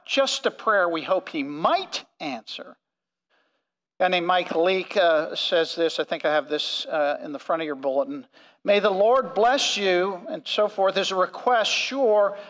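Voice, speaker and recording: High-voiced man preaching in a church. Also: fairly bright tone, long reverb tail, low-quality recording. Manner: earnest, emphatic preaching with slow stressed phrases. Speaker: pastor. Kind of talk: sermon. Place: church sanctuary.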